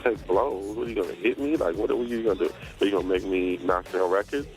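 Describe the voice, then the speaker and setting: Rapper guy on radio, blunt and defiant, low voice, soft music behind. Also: fast, rough recording. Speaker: rapper guest. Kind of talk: radio interview.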